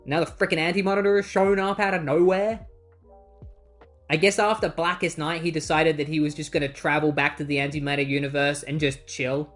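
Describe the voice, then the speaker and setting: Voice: medium pitch, steady tone, brisk, a bit bright, soft background music. A comic book reviewer recapping issues in casual chat, with exasperated asides.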